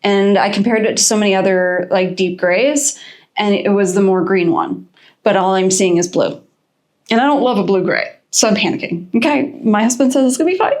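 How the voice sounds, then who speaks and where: A woman's voice: mid-range voice, moderate pace. A woman vlogger chatting casually to the camera in her home studio, rambling in an anxious, chatty way.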